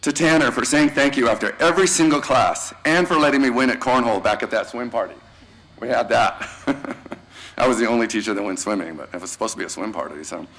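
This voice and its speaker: A man's voice: mid-range voice, a little fast, poor audio. A male teacher giving a casual, slangy farewell speech at a graduation ceremony, thanking students one by one. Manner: warm, casual and slangy, addressing students by name.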